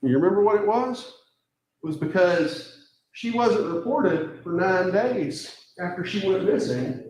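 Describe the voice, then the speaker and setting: A man's voice: high-pitched, expressive, a little slow, a little mellow, a little hiss or hum. A man, a defense attorney, giving an emphatic closing argument to a jury with pointed rhetorical questions, recorded at a courtroom podium mic. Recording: echoey courtroom.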